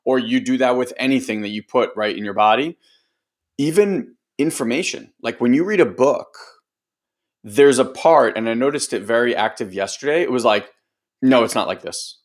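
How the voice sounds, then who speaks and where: A male coach talking through a casual group training session in a loose, rambling way. He swears now and then, leans on fillers like "like" and "right," and slips into other people's voices when he quotes them. His voice sits at an average pitch for a man. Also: normal speed. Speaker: host and personal growth coach.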